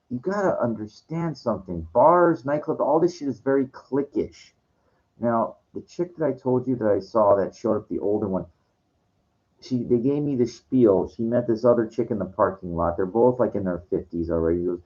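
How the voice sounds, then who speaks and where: A man's voice: lowish voice, a little fast. An older man telling a rambling, frustrated story in casual talk, swearing freely. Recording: dull lo-fi sound.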